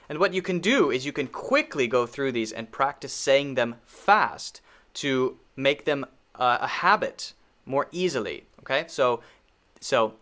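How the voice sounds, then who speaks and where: Slow, deliberate male pronunciation teacher. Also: mid-range voice, lively intonation, bright, forceful tone. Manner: slow, deliberate, repeats words for drill. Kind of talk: recorded pronunciation lesson.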